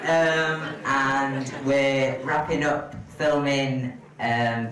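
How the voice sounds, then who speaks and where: A man's voice: mid-range voice, fairly even intonation, very slow, a bit bright. A man introducing his own film to an audience in an informal, hesitant way, with frequent ums. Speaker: filmmaker introducing his trailer. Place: large event hall. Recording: echoey hall from far off.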